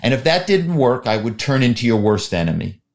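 Animated middle-aged man telling stories. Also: medium pitch, fairly quick, creaky. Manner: animated, acts out calls. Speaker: guest, former corporate spy and actor. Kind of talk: storytelling in an interview.

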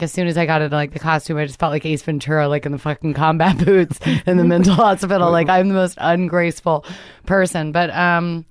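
A young woman, an actress guest in a casual comedic interview, self-mocking and deadpan, laughing often. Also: lowish voice, dry recording, studio quality.

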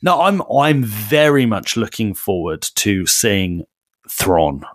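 A man's voice: fairly low pitch, sing-song, takes it slowly, dry recording, studio quality. Chatty man co-hosting a podcast. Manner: rambling, enthusiastic, with frequent restarts. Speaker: podcast co-host. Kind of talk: casual chat.

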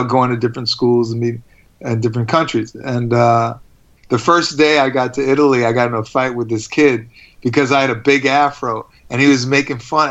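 A man telling stories in a casual interview, laughing often and animated. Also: mid-range voice, highs cut off. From United States. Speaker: interview guest.

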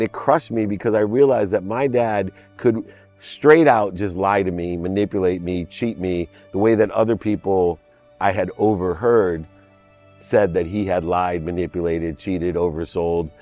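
A man's voice: deep voice, unhurried, darkish tone, soft background music. A man in his fifties, a podcast guest, telling a personal story in an emphatic, heartfelt way. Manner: emphatic, heartfelt storyteller who stresses key words. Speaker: interview guest.

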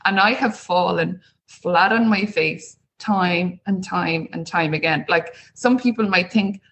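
Her voice is lowish and her pace measured as she chats on an interview podcast. The guest, a small business owner, tells animated stories and performs the voices of people she quotes. Slight background noise marks a rough recording.

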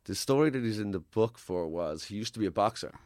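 A man with a low-pitched voice tells a story in easy, casual chat, swearing freely as he goes. He acts out the people in his story as he talks. The sound is dry and close, with no room around it. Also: expressive, fast talker, a little mellow, dry recording. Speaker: podcast guest telling a story.

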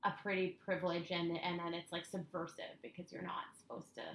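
A woman's voice: on the low side, level tone, a little fast, fairly bright tone, echoey room, poor audio. A woman co-hosting a podcast, talking in an opinionated casual way with many "like"s. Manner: opinionated, lots of "like". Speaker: podcast co-host. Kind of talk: casual chat.

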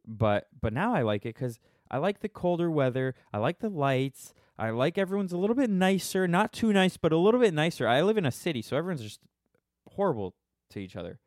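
A man's voice: on the high side, big pitch swings, brisk, darkish tone, no echo, clean studio sound. A man in his thirties hosting a podcast live stream from his phone, rambling casually in a joking, sarcastic, self-mocking way with many restarts.

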